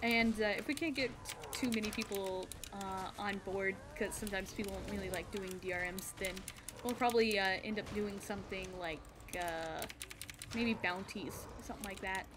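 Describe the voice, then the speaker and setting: A woman's voice: mid-range voice, moderate pace, noisy background. A woman streamer chatting casually while she plays a game, laughing often and restarting her sentences, her voice a little off today. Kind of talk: casual live-stream chat while gaming.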